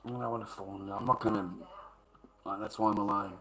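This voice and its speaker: A man's voice: lowish voice, little pitch movement, fast talker, sharp tone, poor audio. A man ranting casually to his chat, profane and repetitive, calling listeners mate and brother. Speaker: livestream host.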